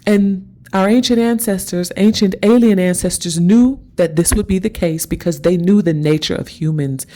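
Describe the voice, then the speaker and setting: A woman hosting a spiritual motivational monologue. She talks emphatically and repetitively, checks in with listeners with a quick "okay?", and drags out key words for dramatic stress. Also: mid-range voice, warm tone. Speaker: host.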